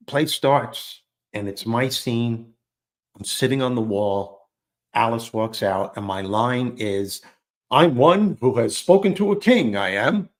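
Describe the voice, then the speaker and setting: A man telling a funny childhood story in a relaxed interview, self-deprecating and animated, acting out the lines he quotes. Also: lowish voice. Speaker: guest storyteller. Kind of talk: conversational storytelling.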